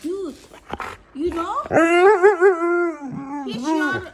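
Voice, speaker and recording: Slow-talking woman coaxing her dog. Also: very high voice, lively intonation, noisy background. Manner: coaxing, laughs often. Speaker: dog owner. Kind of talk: casual chat with her pet.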